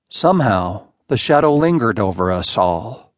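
A man narrating a classic short story in a measured, unhurried audiobook reading on a close studio mic. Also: medium pitch, no room sound.

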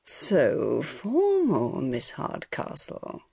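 A charming young gentleman, voiced by a woman reading the book, murmuring low and teasing. The voice drops below her own and turns hushed. Dry, close audiobook sound. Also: big pitch swings, unhurried, gravelly, slightly rough, no echo, heavily acted. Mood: soft teasing.

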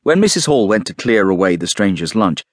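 Husky, expressive male audiobook narrator. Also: low-pitched, dry recording, studio quality. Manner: expressive, measured storytelling. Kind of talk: scripted narration of a classic novel.

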